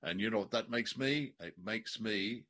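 Wry, low-voiced man. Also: bright, forceful tone. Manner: thoughtful and wry, sometimes slowing down for emphasis. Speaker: podcast co-host. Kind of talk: casual chat reviewing an old radio drama.

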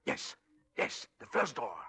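An actor playing a desperate, scheming husband in a 1940s radio drama, with a pleading, urgent delivery. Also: male voice, normal speed, bright, forceful tone, lightly acted. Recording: old radio drama broadcast.

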